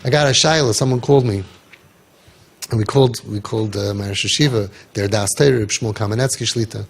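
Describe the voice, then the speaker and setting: A man's voice: on the low side, fairly quick, vocal fry, a little hiss or hum. A man coaching parents in an impassioned talk, telling stories and firing off rhetorical questions with emphasis.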